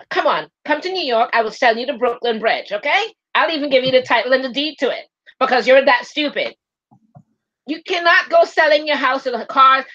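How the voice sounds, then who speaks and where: A woman from Canada co-hosting a casual chat in a blunt, exasperated way. Her voice is high and bright, and the recording sounds dull and lo-fi. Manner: blunt, exasperated, repeats apologies. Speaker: co-host.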